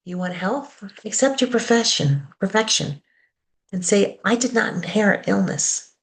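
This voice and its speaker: A woman reverend giving a sermon, calmly leading the congregation through affirmations and a guided meditation. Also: mid-range voice. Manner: slow, calm, leads call-and-response affirmations.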